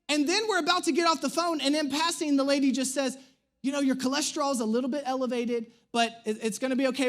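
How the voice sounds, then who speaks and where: A man in his thirties, a pastor, telling a humorous personal story in an animated, self-mocking way during a sermon. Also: very high-pitched. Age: 30s. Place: church stage.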